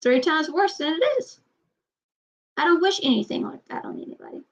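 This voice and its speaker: A woman vlogging in casual personal talk, halting, often repeating herself and trailing off. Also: high voice, animated.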